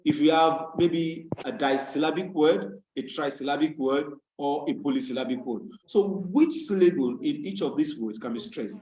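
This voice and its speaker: A man from Nigeria tutoring students over a video call, explaining rules step by step and repeating key words slowly to drill them. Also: on the high side, darkish tone, slight background noise. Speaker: English tutor. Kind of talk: online tutorial lesson. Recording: echoey room on a video call.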